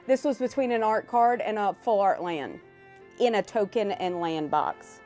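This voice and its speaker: A woman from South Louisiana with a Louisiana accent, chatting casually and rambling on a livestream, excitable and quick to swear. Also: medium pitch, soft background music. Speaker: live streamer.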